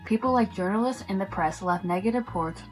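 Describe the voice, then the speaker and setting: A young woman reading the narration of a student documentary in a brisk, read-aloud way. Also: medium pitch, soft background music, low-quality recording. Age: young adult.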